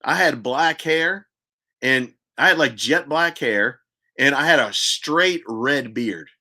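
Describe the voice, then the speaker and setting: Older man, podcast host, rambling storyteller, chatty, laughs at himself, bright voice, mid pitch. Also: slow. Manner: chatty, laughs at his own stories.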